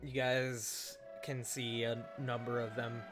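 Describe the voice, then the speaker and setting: A man narrating a tabletop roleplaying game as game master, describing scenes with pauses and hesitations. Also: medium pitch, little pitch movement, over music.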